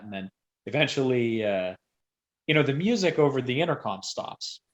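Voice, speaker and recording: Appearing as a podcast guest, a man tells a rambling, casual story, breaking into sudden loud bursts as he acts out quotes. His medium-pitched voice is expressive and brisk.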